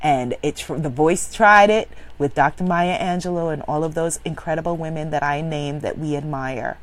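Speaking at normal speed, a woman who is a spiritual business coach gives a preachy, emphatic motivational speech, her voice swinging from loud exclaiming to low, intense affirmations.

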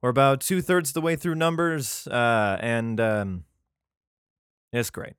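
A man's voice: mid-range voice, expressive, takes it slowly, a bit bright, clean tone, dry recording, clean studio sound. Irreverent man riffing on scripture. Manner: profane, jokey asides, many fillers. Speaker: podcast host. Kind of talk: casual irreverent Bible reading and commentary.

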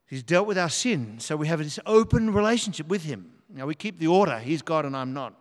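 A man's voice: a little high, animated, fairly quick. A man preaching a sermon in a church, earnestly reading scripture aloud with emphasis. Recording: long hall reverb.

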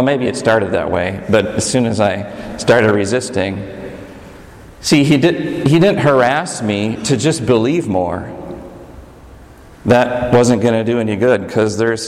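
A man preaching a sermon, swinging between high urgent passages and low intimate ones. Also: animated, unhurried. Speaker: pastor. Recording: echoey hall reverb.

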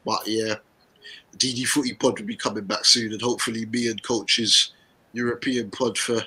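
A man chatting about football on a podcast, animated and playful, laughing often. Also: on the low side, normal speed, slightly rough, low-quality recording. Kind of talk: casual football chat.

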